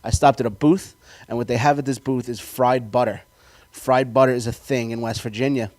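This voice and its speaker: Loud self-mocking male comedian. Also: medium pitch, fairly even intonation, a little fast, no echo. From New York. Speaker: stand-up comedian guest. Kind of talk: stand-up comedy set.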